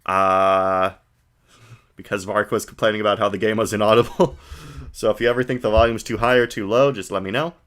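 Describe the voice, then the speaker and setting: A man's voice: on the low side, fairly even intonation, brisk, fairly bright tone. A man giving wry, joking commentary while streaming a video game. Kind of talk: let's play commentary.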